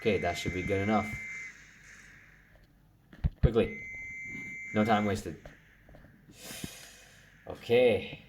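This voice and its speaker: Low-voiced young man, excitable commentary. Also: slow, pauses often, background noise. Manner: excitable, swears when frustrated. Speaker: gaming channel host. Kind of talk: gameplay commentary.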